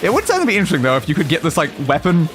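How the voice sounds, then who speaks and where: A man's voice: a little high, huge pitch swings, very fast, a bit bright, faint music behind. A man streaming a video game, chatting casually and chanting playful sing-song nonsense while he plays. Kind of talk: casual gameplay commentary.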